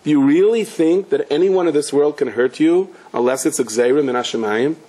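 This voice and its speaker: A rabbi teaches a Torah class as a conversational storyteller, sprinkling Hebrew and Yiddish terms into his English, his pitch climbing when he drives a point home. He talks a little fast in a mellow voice with a breathy edge, and the recording is rough.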